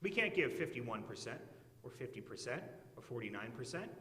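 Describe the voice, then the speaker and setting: A man pastor preaching a sermon in an earnest, measured way, recorded in an echoey church. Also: medium pitch, sing-song, sharp tone.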